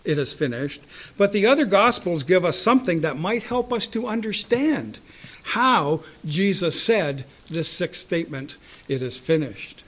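Slow, high-voiced preacher with dramatic swings. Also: male voice, sing-song. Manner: dramatic, swings from loud cries to hushed asides; slow, deliberate delivery with rhetorical questions. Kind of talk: sermon.

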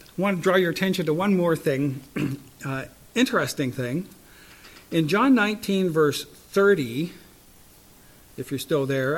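A man preaching a sermon, moving between loud cries and hushed asides, asking his listeners rhetorical questions. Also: on the high side. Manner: slow, deliberate delivery with rhetorical questions.

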